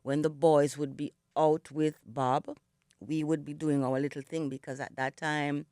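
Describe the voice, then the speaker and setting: Guesting on a radio interview, a middle-aged Jamaican woman who sings reflects and tells stories, her morning voice not yet warmed up and her speech sprinkled with "you know." Her deep, mellow voice has a flat delivery and clean tone at a measured pace, recorded cleanly in the studio with no echo.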